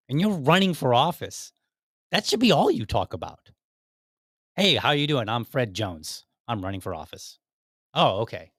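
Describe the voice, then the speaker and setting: Rambling, animated man podcasting. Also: mid-range voice, no room sound, clean studio sound. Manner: rambling and animated, with frequent restarts and acted-out quotes. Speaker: podcast host. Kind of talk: casual political commentary.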